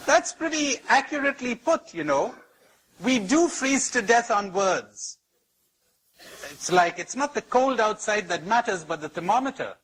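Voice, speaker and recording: A man giving a spiritual talk to an audience, storytelling slowly and emphatically with lots of repetition and wide swings in pitch. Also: expressive, a bit bright, a little hiss or hum, low-quality recording. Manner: storytelling with anecdotes. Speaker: spiritual teacher.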